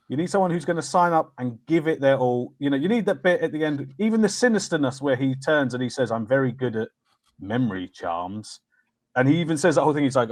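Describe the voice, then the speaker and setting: A man with a mid-range voice co-hosts a casual film podcast, recorded with no room sound. He's enthusiastic and loves acting out quotes in silly voices.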